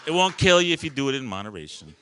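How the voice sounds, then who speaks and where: A man telling a personal story on a small live stage, animated, laughing often and swearing casually. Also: medium pitch, background noise.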